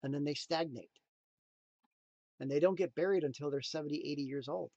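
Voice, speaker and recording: A man giving a motivational talk in a preachy, emphatic way, swinging between loud punchlines and quiet asides. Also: fairly high pitch, brisk, no echo, lo-fi sound. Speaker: motivational speaker.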